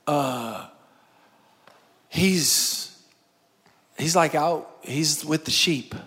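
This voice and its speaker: A man voicing a hesitant older father who mumbles and stalls with halting fillers. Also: on the high side, sharp tone, long reverb tail, pitched below the performer's own voice, full character voice. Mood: evasive. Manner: halting, full of uh and um.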